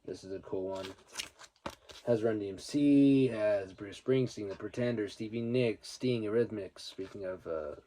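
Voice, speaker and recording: This record collector vlogger is a young man whose lowish, dark-toned voice moves a little slowly, with slight noise behind him. In a casual vinyl haul chat, he rambles through stories, curses freely, and mourns a friend who has died.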